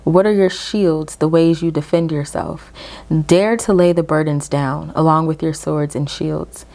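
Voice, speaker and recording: A woman's voice: low-pitched, steady tone, gravelly, a little mellow. A woman giving a casual tarot reading to her viewers, encouraging them and checking in with "okay?" as she goes. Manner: encouraging, addresses viewers directly with frequent "okay?"; reads aloud from a guidebook in slow measured phrases. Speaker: tarot reader.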